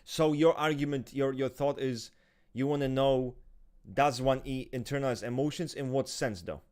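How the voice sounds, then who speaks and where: A man's voice: medium pitch, moderate pace, a little mellow, clean tone. Emphatic, cursing man in casual chat. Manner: emphatic and profane, restarts often.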